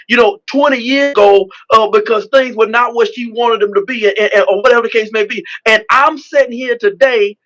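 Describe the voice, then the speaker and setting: Man, 30s, pastor, high voice, testimonial storytelling, emphatic repetitive preacher cadence. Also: brisk, few pauses, a bit bright, poor audio. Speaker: pastor and politician, interview guest.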